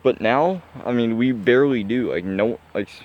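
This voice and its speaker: In a casual vlog, a young man with a medium-pitched voice muses aloud at a moderate pace, rambling with lots of fillers and restarts. The recording sounds dull and lo-fi.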